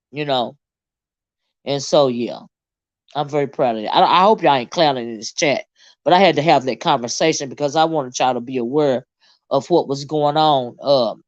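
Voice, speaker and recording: A woman's voice: low-pitched, darkish tone, no echo, muffled recording. Blunt, cussing woman livestreamer. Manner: blunt, swears freely, repeats herself. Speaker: livestream host reading chat. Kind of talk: casual livestream chat.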